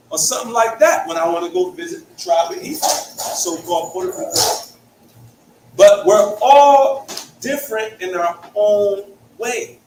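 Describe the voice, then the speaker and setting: A young man from Hartford with a Connecticut accent, teaching a Bible study in a conversational way, often checking in with "right?". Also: high-pitched. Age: young adult. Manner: conversational, peppers points with "right?". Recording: echoey room, mic far off, faint hiss.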